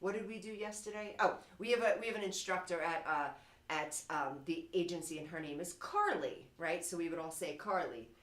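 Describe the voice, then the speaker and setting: A woman's voice: low voice, animated, normal speed, a bit bright, echoey room. A woman from New York with a slight New York accent, hosting a casual talk show in a bubbly, chatty way. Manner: bubbly, chatty, laughs often.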